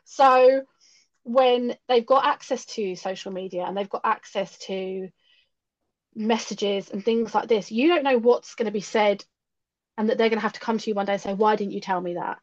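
A woman's voice: mid-range voice, moderate pace. A middle-aged woman speaks with earnest candour, often doubling a word before her thought gets going. Her voice sits in a middle register. The audio is dull and lo-fi. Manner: earnest, repeats words when starting a thought. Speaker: podcast guest. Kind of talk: candid conversational chat.

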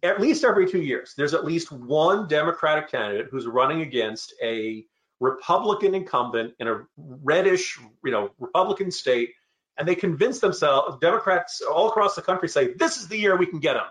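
A man's voice: a little high, lively intonation, normal speed, a bit bright. A middle-aged man speaking as a panelist in a political discussion, with sardonic asides.

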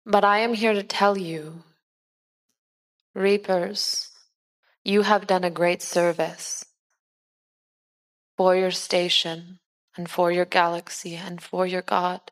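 A woman playing a gentle, slow-spoken preacher. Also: fairly low pitch, level tone. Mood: earnest. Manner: slow, earnest, soothing sermon delivery. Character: female preacher giving a sermon. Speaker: player voicing a preacher.

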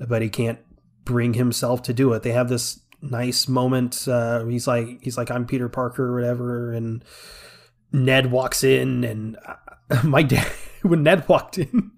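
A man's voice: medium pitch, steady tone, measured pace, creaky. Chatty man recapping a movie plot. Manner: rambling recap with frequent fillers and laughs. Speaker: podcast co-host. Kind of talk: casual movie review chat.

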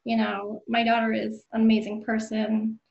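A woman guest, a parent, talking in a casual podcast chat, soft-spoken and measured and often laughing. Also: on the high side, monotone, creaky, highs cut off. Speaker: guest, parent of an autistic daughter. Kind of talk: casual conversation.

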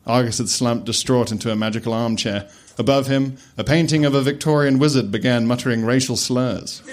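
A man's voice: medium pitch, brisk, slight background noise. Man narrating a comic story. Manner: deadpan narration, often laughing.

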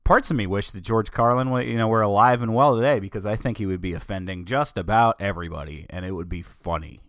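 A man's voice: fairly low pitch, quick pace, fairly bright tone, no room sound, clean studio sound. A man hosting a solo show, talking casually in a rambling, opinionated way with many digressions. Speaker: podcast host.

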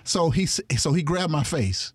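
A man's voice: normal speed, breathy edge, no echo. A man telling a story in casual chat, acting out the people he quotes and laughing often. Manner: animated, acts out quoted voices with big pitch jumps. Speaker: guest storyteller.

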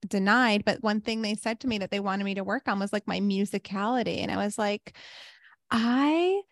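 A woman co-hosting a podcast in casual chat, talking in an even, low-key tone full of "like.". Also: brisk, no room sound, studio quality. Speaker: podcast co-host.

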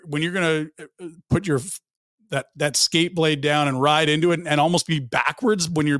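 A man's voice: fairly high pitch, a bit bright, dry recording, studio quality. A man hosting a hockey podcast, upbeat and teasing as he sets up clips. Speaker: podcast host. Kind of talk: casual sports talk.

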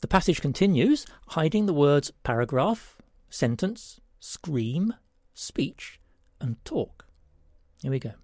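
Male host of a word-puzzle segment, gravelly, lively, dry close sound. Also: a little high, takes it slowly, dry recording. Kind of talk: reading a word-puzzle story.

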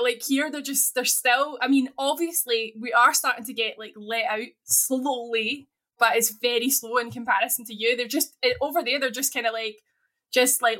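A Scottish woman co-hosting a podcast in loose, chatty talk. Her voice sits high and sounds bright and forward. She giggles easily between her lines. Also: fairly even intonation, normal speed. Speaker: podcast co-host. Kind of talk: casual chat. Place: living in the United Kingdom.

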